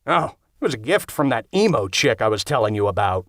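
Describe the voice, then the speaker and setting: Goofy eager young guy read by a man doing an audiobook, offhand and impulsive, lively pitch, dry close sound. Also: a little fast, no echo.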